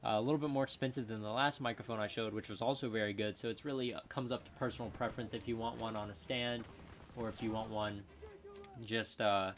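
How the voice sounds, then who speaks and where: A man's voice: on the low side, steady tone, fast, slight background noise. A man hosting a gaming channel, chatting loosely through gameplay while he tests a desk USB microphone, with lots of fillers and restarts, moving nearer and farther from the mic. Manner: rambling, filler-heavy, self-correcting. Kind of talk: casual gameplay commentary. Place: home gaming setup. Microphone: desk USB condenser microphone, distance changing.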